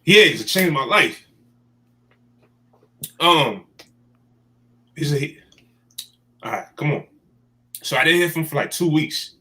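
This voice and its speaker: A man in his thirties telling his life story in a casual chat, animated and emotional. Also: on the high side, slow, pauses often. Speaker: guest.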